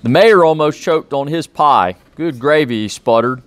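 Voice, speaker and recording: A police officer reading a children's picture book aloud, with friendly, plain-spoken asides to young listeners. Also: male voice, a little high, expressive, moderate pace, a bit bright. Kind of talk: children's storybook read-aloud.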